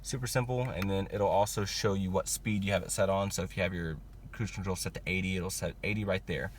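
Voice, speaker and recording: A man's voice: deep voice, fairly quick, a little hiss or hum. A young man casually walking viewers through a car's interior, chatty and loose with lots of filler words. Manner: relaxed, chatty, many fillers like "like" and "you know". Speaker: car reviewer. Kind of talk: casual product walkthrough. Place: inside a car.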